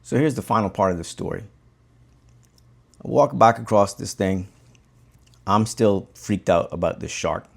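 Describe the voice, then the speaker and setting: A man from the Cayman Islands, a bonefish guide, telling a fishing story in a relaxed, conversational way while tying a fly. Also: fairly low pitch, a little slow, creaky, long pauses, slightly rough.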